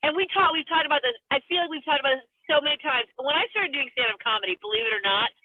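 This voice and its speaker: A high-voiced woman comic rants with exasperated, self-mocking bite, doing her stand-up set over a video call. Her voice comes through a tinny, phone-like line and sounds dry and close, with no room around it. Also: animated, quick pace, dry recording. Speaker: stand-up comedian.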